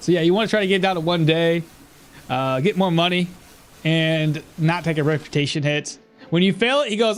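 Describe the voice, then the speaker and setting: High-voiced, joking game streamer man. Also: brisk, soft background music. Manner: joking, laughs often, rambling asides. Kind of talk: casual live gameplay commentary.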